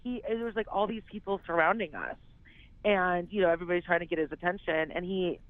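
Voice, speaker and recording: A woman's voice: lowish voice, fast, dry recording. A woman being interviewed who rambles casually, filling her talk with "like" and "you know". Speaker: actress, interview guest. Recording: tinny phone line.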